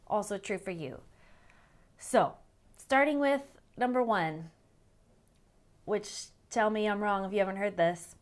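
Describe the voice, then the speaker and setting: A woman in her thirties with a North American accent, chatting casually to the camera, animated and laughing often. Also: medium pitch. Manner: animated, laughs often, exaggerated quoted voices. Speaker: vlogger.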